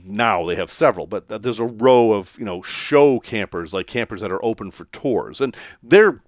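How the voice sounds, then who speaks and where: A man's voice: mid-range voice, no echo, studio quality. A man casually telling a story to his camera, chatty and self-deprecating, laughing now and then. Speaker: van life vlogger.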